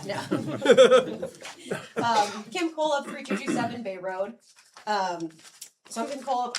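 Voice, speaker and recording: A woman's voice: mid-range voice, slight background noise. Congested woman making a firm public comment. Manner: firm, persuasive, frequent ums. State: congested, short of breath. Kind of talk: public comment at a council meeting.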